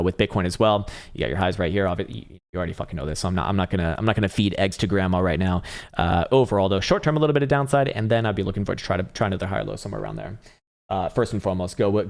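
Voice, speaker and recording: A man hosting a live trading stream, giving blunt, casual chart commentary full of swearing and laughter. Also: lowish voice. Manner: blunt, profane, laughs between points. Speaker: livestream trading host.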